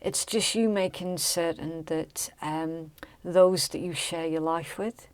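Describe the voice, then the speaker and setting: Slow, low-pitched woman reading tarot. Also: steady tone, smooth. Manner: chatty, emphatic, checks in with "okay?" and "right?". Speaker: tarot reader. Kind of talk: casual tarot reading to camera.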